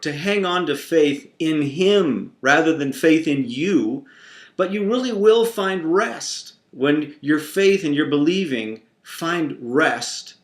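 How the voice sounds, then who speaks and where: A man teaching a Christian devotional through a playful family story. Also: a little high. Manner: warm, playful, expressive storyteller. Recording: roomy echo.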